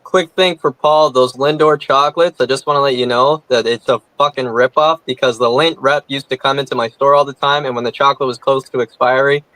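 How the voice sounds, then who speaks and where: A man's voice: medium pitch, fairly even intonation, a little fast, hardly any pauses, a bit bright, no room sound, poor audio. Profane indignant man. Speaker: podcast co-host. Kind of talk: casual comedy podcast rant.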